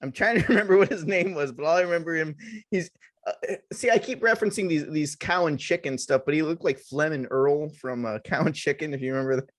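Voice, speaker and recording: A man's voice: on the high side, quick pace, no room sound, studio quality. A man co-hosting a casual horror podcast, rambling through jokey stories. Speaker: podcast co-host.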